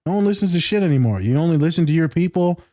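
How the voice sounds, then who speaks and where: A man's voice: a little high, animated, very fast, warm tone, dry recording, clean studio sound. A man co-hosting a casual podcast, joking around, swearing freely and acting out quotes. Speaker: podcast co-host.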